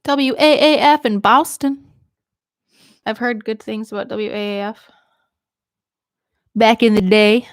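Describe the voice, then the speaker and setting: A woman's voice: a little high, steady tone, a little slow, pauses often, dry recording, clean studio sound. A young woman from Maine, a radio DJ, rambling casually on a livestream while a little tipsy from drinking. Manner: chatty and rambling, laughs often.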